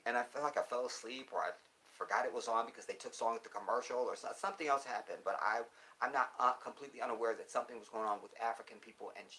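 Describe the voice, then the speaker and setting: A man's voice: medium pitch, pushed and bright. A man hosting a casual livestream, reading viewer comments and answering them in a profane, emphatic and preachy way, often checking in with the listener. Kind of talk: casual live chat.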